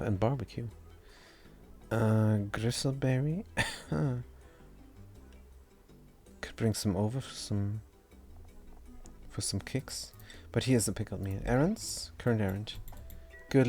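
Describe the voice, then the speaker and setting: A man with a low, mellow voice speaks English as a non-native speaker. He's a gaming streamer doing casual gameplay commentary, rambling and self-deprecating, and he stumbles over words and restarts them.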